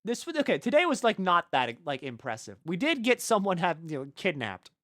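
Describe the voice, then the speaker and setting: A man chats his way through a live game stream, his pitch bouncing all over with animated energy and sitting a little higher than most men's. He answers viewers on the fly and swears freely, with faint game music behind him. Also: a little fast, no room sound, clean studio sound. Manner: chatty, answers chat, swears casually. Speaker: gaming streamer. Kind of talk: casual live-stream commentary.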